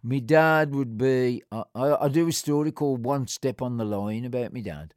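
A man's voice: medium pitch, normal speed, a little mellow, no room sound, clean studio sound. An older man, telling a rambling personal story in a conversational way, with many fillers and restarts.

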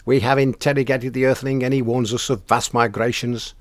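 A man's voice: mid-range voice, level tone, a little fast, no echo, voice pushed up, natural voice. A man voicing a male alien captor who reports in a stiff, formal put-on accent. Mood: earnest reporting.

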